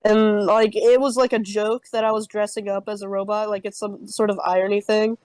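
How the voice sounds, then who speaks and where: A woman's voice: mid-range voice, little pitch movement, a little fast, darkish tone, no echo, poor audio. A young woman telling an improvised comic campfire story on a podcast, rambling with heavy swearing and many fillers. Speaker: podcast co-host.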